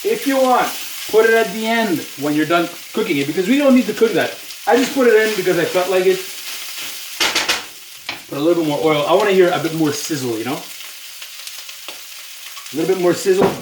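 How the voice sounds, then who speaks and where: A man's voice: high-pitched, lively intonation, moderate pace, pauses often, distant mic, background noise. A man chatting to his viewers while he cooks at home, filling his talk with "you know". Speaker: home cook vlogger. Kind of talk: casual cooking video talk. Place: home kitchen. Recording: roomy kitchen sound, voice off-mic, loud sizzle. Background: food sizzling in a pan.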